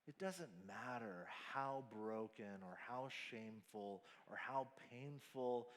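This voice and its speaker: A man preaching a sermon at a family camp, slow and emphatic, mixing scripture with casual slang. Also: medium pitch. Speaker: pastor. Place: large hall at a family camp. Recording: hall reverb.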